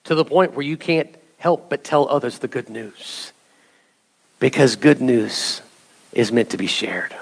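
A man's voice: medium pitch, lively intonation, measured pace, creaky, slightly rough. A male pastor preaching an earnest sermon and leading his congregation in song.

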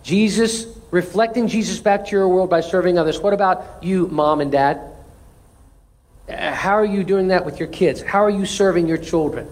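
A man's voice: high voice, moderate pace, rough recording. A man pastor preaching a sermon in church, emphatic, repeating phrases and restarting words. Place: church sanctuary.

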